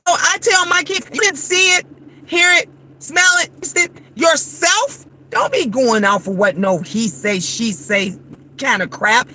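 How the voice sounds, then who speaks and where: A woman's voice: high-pitched, measured pace. A woman in her fifties chatting frankly and animatedly to her viewers after work, acting out the people she quotes. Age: 50s. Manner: animated, frank and blunt, acts out quoted voices. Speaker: vlogger. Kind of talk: casual chat.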